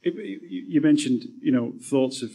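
A man's voice: mid-range voice, animated, moderate pace, dark tone, slightly rough. A man hosting a live on-stage interview, earnest and repeating words as he builds his thoughts. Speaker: podcast host, interviewer.

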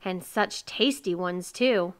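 A woman's voice: lowish voice, slow pace. A woman voicing kindly, bossy neighbor women who talk in a coaxing, cheerful way.

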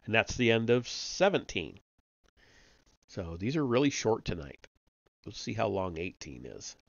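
A man reading a novel aloud on a live stream, steady with small slips and self-corrections. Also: lowish voice, unhurried, vocal fry, no echo, dull audio. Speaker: audiobook reader on a live stream.

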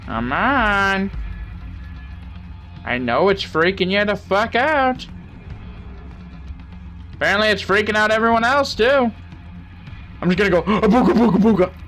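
A man's voice: sits high, animated, unhurried, long pauses, sharp tone, soft background music. A young man playing a game and commenting with crude, joking banter, talking to the characters on screen. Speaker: gaming channel host.

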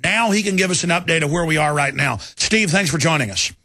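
A man's voice: a little high, fairly quick, sharp tone, no room sound. A man hosting a talk radio show, ranting emphatically and repeating himself for force.

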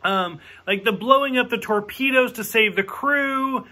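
High bright-voiced man ranting casually. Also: measured pace. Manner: frank and profane, with filler "like" and acted-out quotes. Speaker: movie reviewer. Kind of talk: casual ranting movie review.

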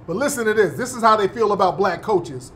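The host is a man with a high, animated, fairly bright voice who talks briskly. He gives an emphatic talk-show monologue, repeating himself and regularly asking listeners "yeah?".

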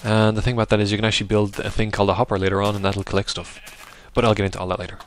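A man's voice: on the low side, level tone, racing, a little hiss or hum. Chatty man narrating a game. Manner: chatty, rambling, bursts into loud yelps at the game. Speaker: gaming video host. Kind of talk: casual let's-play commentary.

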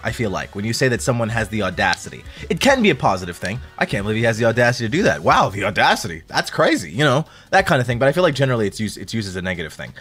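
A young man streaming, telling stories in a loose, laughing chat and breaking into high squealed impressions of friends. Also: fairly bright tone. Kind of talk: casual chat to a stream audience.

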